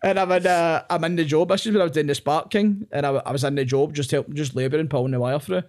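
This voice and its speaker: A young Glaswegian man, a comedian guest on a podcast, telling rapid, sweary anecdotes and often breaking into laughter. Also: on the high side, steady tone, darkish tone. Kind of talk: casual podcast chat.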